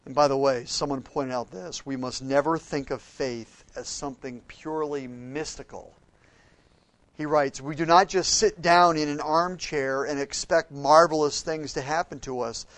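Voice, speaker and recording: A man preaching a sermon, telling stories with acted-out quotes and swinging between loud outbursts and soft, quiet passages. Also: fairly high pitch, measured pace, no echo.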